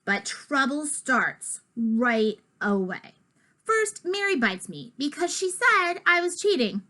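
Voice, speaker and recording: A woman reading a children's picture book aloud, with lively, expressive delivery and asides to the listener. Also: high voice, slow pace. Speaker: storybook reader.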